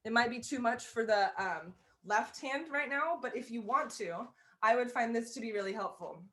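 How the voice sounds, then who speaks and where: A woman's voice: fairly high pitch, lively intonation, moderate pace, a bit bright, soft background music. A woman teaching a live online fiddle lesson. She explains bowing step by step in an encouraging way and sings out the rhythms. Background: violin playing.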